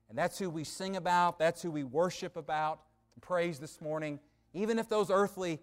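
A male preacher delivering a sermon, telling a story with dramatic pauses and a voice that swells louder and drops quieter. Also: fairly high pitch.

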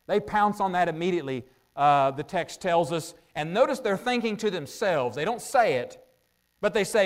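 A man preaching a sermon in a conversational way, asking his listeners rhetorical questions and pausing often with "uh" as he thinks out loud. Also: high voice, animated. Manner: thinks out loud with frequent "uh" pauses.

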